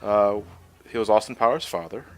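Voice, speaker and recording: A man's voice: lowish voice, noisy background. A man playing a video game on a livestream, swearing and joking in casual commentary. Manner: laughing, swearing, quick retorts. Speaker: gamer playing on stream.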